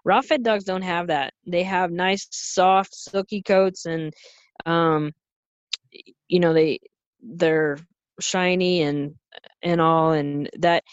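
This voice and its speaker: A woman pet nutritionist talking casually on a podcast, passionate and animated, often restarting her sentences. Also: lowish voice, no echo, dull audio.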